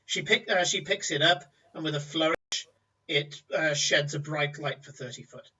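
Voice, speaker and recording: A man's voice: fairly high pitch, moderate pace, sharp tone, breathy edge. A man narrating a tabletop game as game master, with vivid descriptive storytelling, on a distant, muffled recording.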